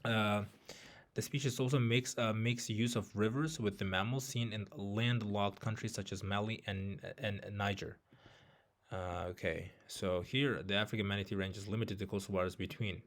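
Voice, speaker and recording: A man's voice: on the low side, steady tone, normal speed. A man working through an exam reading passage, thinking aloud with many fillers and restarts. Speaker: IELTS tutor. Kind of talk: walkthrough of a reading test.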